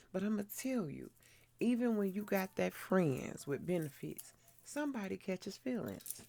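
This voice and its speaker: A woman's voice: mid-range voice, expressive, moderate pace, vocal fry, mellow. A middle-aged woman hosting her own channel, telling a frank, blunt story in casual chat while doing her skincare. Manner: frank, blunt, laughs often. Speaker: vlogger host.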